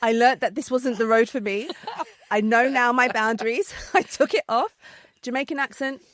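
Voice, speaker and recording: A podcast guest with a London accent, this woman tells a story in casual chat, animated and laughing often, with lots of fillers and restarts. Her voice is a little high and her speed normal, and the recording is dry.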